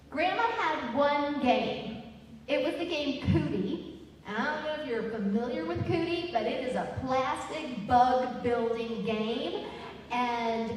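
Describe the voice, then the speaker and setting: A middle-aged woman tells a personal story on stage, slowly and chattily, with a fairly high voice and laughter at her own jokes. She is heard from far off in a big hall full of echo. A faint hum sits under the recording. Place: large hall at a live event.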